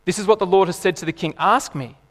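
A man, preaching a sermon in an animated, emphatic way. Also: high-pitched, quick pace, long reverb tail. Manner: animated, emphatic, laughs and acts out voices.

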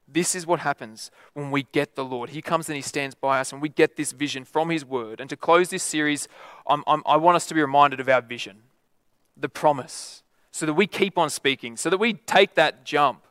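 A man's voice: a little high, moderate pace, fairly bright tone, clear, resonant tone, no echo, studio quality. A man preaching a sermon in a conversational way, often adding tag questions.

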